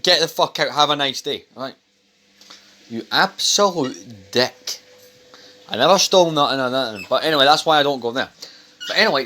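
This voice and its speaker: A man's voice: medium pitch, sharp tone, a little hiss or hum. A young man vlogging at home over dinner, talking casually in a rambling, blunt and sweary way. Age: young adult. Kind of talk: casual chat to camera.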